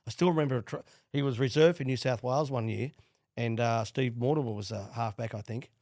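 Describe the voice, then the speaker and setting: A middle-aged Australian man, a former player and coach, telling animated stories in a casual interview. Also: medium pitch, a little fast, no echo, studio quality. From Queensland, Australia. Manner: animated storyteller with restarts and laughs. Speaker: guest, former rugby league player and coach.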